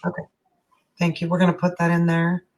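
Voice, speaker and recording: A woman's voice: fairly low pitch, completely flat delivery, a little fast, a crowd in the background. A middle-aged woman leading a casual live energy-healing session, chatty and frank, with easy swearing. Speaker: energy healer.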